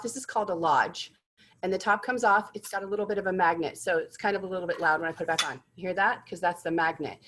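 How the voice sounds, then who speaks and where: A woman's voice: fairly low pitch, rough recording. A woman presenting corporate gift drinkware in a product demonstration, enthusiastic and gushing about each item.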